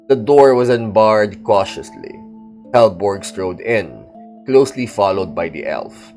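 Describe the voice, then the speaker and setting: A man narrating a fantasy audiobook in a steady, dramatic storytelling style. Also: lowish voice, unhurried, faint music behind. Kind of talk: audiobook reading of fantasy fiction.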